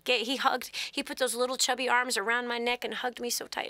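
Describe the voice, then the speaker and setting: A woman hosting a radio call-in advice show, telling stories in an animated way and sometimes dropping to a whisper. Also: on the high side, fairly quick. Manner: animated, laughing, drops to a whisper at times. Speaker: host.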